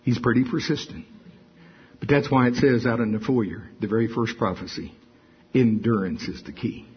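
An older man preaching a sermon full of stories, talking in an animated, folksy way that often repeats itself. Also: medium pitch, normal speed, slightly rough, lo-fi sound. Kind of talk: sermon with storytelling.

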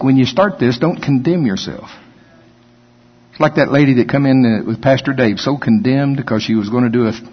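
A man's voice: mid-range voice, husky. A man preaching a conversational sermon, joking and acting out whiny voices. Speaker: pastor. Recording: dull sound with long hall reverb.

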